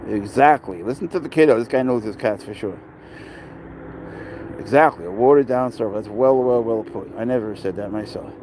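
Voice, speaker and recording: At a city dog park, a middle-aged New Yorker who vlogs about his pet rambles in casual conversation with people nearby and his viewers' chat. He speaks at a moderate pace in a medium, slightly mellow voice, with a little hiss or hum.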